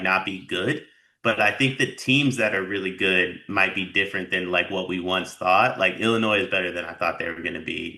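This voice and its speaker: A man with a very low pitch and a very bright, edgy tone, co-hosting a casual sports podcast. He rambles loosely, circling back and piling up filler words as he thinks out loud. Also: gravelly. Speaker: podcast co-host.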